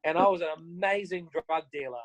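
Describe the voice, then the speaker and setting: On a video call, an Australian man gives motivational talk as a guest speaker, telling upbeat stories and performing conversations with energy. He has a fairly high, fairly quick voice; the audio is poor but has no echo.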